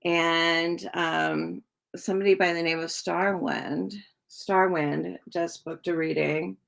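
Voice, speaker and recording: A woman tarot reader chatting on a live stream, answering viewers' comments in a slow, drawn-out way with many ums. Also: on the low side, fairly even intonation, vocal fry.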